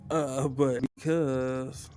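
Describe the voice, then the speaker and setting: A man's voice: mid-range voice, little pitch movement, extremely slow, warm tone. A man, narrating a tabletop game as game master in a casual way, sighing and muttering to himself.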